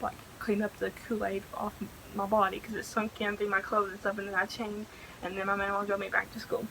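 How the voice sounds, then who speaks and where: A woman's voice: mid-range voice, fairly bright tone, slight background noise, low-quality recording. A young woman telling school stories in a casual vlog, rambling with many fillers and restarts. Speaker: vlogger. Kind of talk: casual storytelling.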